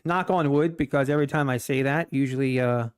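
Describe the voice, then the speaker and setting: A man chatting casually on a live stream about his trading, relaxed and rambling, often poking fun at himself. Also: medium pitch, fairly quick, clean tone. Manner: relaxed, rambling, self-deprecating, chuckles often. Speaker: livestream day trader.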